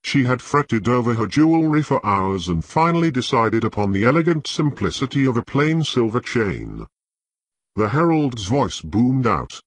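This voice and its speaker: A man reading a fantasy novel aloud as an audiobook narrator, in a measured, unhurried way. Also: medium pitch, big pitch swings, no echo.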